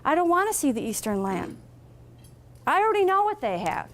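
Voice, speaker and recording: A woman's voice: very high-pitched, very animated, brisk, pitched above the performer's own voice. A woman voicing an awestruck king of a neglected land as she tells a story, exclaiming in wonder. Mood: puzzled.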